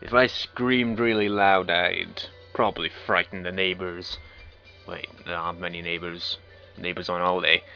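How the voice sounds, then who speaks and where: A let's play commentator with a low voice, level tone and vocal fry reads a visual novel aloud at a moderate pace, stopping between lines for wry, sarcastic jokes. The lo-fi recording sounds dull, with game music faintly underneath.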